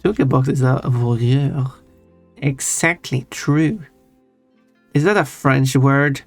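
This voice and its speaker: A man streams live in a steady, mid-range voice, speaking slowly on a dry recording over faint, soft background music. He chats casually with his chat, teasing viewers and chuckling often.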